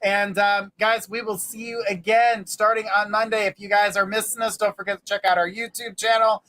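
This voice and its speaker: An upbeat host of a live talk show tells a joke and signs off, addressing viewers warmly and often. The voice sits at a mid pitch with a friendly, chatty manner. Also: flat delivery, moderate pace, poor audio. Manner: upbeat, repeats "guys".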